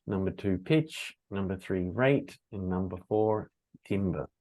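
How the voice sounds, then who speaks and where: Slow, hesitant man in his forties. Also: low-pitched, darkish tone. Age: 40s. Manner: hesitant, lots of ums and restarts. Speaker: podcast co-host, data scientist. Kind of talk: casual conversational chat.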